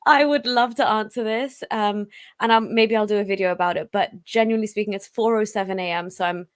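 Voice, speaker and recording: A woman who is a guest on a casual live-stream, speaking in a friendly, measured way and laughing easily. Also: mid-range voice, fairly even intonation, clear, resonant tone, dry recording, clean studio sound.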